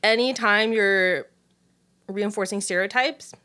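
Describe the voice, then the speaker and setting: A woman's voice: mid-range voice, takes it slowly, pushed and bright. A young woman co-hosting a podcast in casual chat, making wry, laughing asides. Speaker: podcast co-host.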